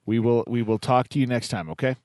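A man's voice: medium pitch, quick pace, a little mellow, no room sound, studio quality. A man hosting a call-in radio show, chatting with callers. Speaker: radio host.

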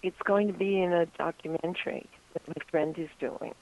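A woman calling in to a radio show and reading her poem aloud in an earnest, deliberate way. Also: on the low side, fairly even intonation, darkish tone. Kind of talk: poetry reading on a phone call. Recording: muffled phone line.

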